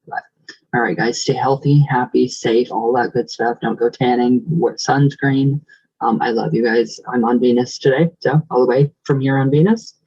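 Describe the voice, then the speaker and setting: A man's voice: medium pitch, darkish tone, slightly rough, dull audio. A man vlogger chatting casually with viewers and greeting them. He rambles with lots of fillers and sometimes rolls his R's. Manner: rambling and affectionate, many fillers. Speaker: vlogger reading viewer comments. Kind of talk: casual chat.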